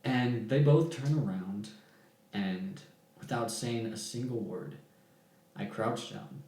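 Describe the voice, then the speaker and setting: A young man telling a work story on a podcast, animated and laughing, then dropping to deadpan. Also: lowish voice, takes it slowly. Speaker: podcast guest. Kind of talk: casual storytelling. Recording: echoey room.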